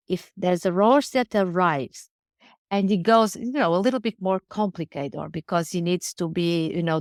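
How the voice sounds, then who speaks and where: Woman, 40s, guest, earnest and searching, lower pitch, dry recording. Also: no room sound. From Portugal. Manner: earnest, repeats words while searching for phrasing. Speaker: guest, riding instructor. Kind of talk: casual interview conversation.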